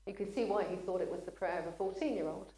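A woman's voice: fairly low pitch, dark tone. A woman preaching a sermon, speaking earnestly and at times choking up and apologizing. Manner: earnest, gets emotional and pauses to apologize. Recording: echoey room.

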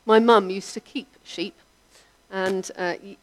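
A woman preaching a sermon, in a measured, reflective delivery whose line ends trail off softly. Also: mid-range voice, fairly even intonation.

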